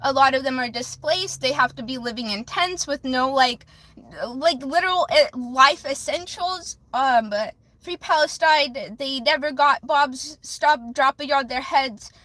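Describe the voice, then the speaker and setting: A woman's voice: sits high, measured pace, sharp tone, no echo. A woman hosting a livestream, talking in a rambling, emotional way, restarting sentences and saying "flip" instead of swearing. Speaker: livestream host doing readings for viewers. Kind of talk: emotional casual livestream talk.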